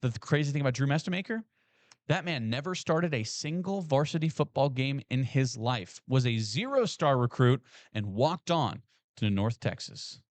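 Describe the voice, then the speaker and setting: A man co-hosting a sports podcast in casual, excitable talk with emphatic restarts. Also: mid-range voice, normal speed, no echo.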